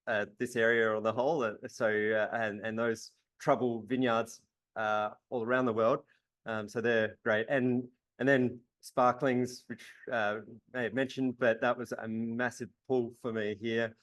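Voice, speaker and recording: A winemaker speaking hesitantly in a talk, with many pauses and restarts. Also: male voice, medium pitch, a bit bright, dry recording. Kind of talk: presentation to wine writers.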